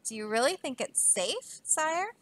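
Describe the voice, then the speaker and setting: A woman's voice: sits high, lively intonation, a little slow, pushed and bright, no echo, full character voice. A woman voicing an earnest, anxious page boy while reading a storybook aloud. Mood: urgent. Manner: urgent, pleading.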